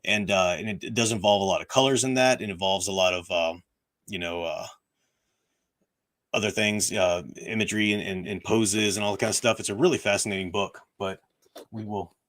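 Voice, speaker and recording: Hoarse man rambling on a livestream. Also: lowish voice, fairly even intonation, brisk, fairly bright tone. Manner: rambling, many restarts and fillers. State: hoarse, voice worn out. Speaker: livestream host. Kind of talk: casual livestream chat. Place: at home, room with bookshelves.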